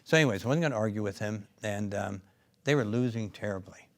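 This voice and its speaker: A man's voice: fairly low pitch, fast talker. Rambling man telling stories in an interview. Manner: rambling, many asides and restarts. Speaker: company co-founder and clinician. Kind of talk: interview storytelling.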